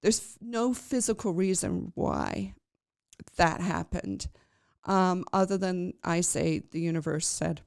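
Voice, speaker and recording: A woman's voice: lowish voice, takes it slowly, vocal fry, darkish tone, no room sound, studio quality. A woman podcast host telling a personal story in a chatty, rambling way, with many fillers and restarts.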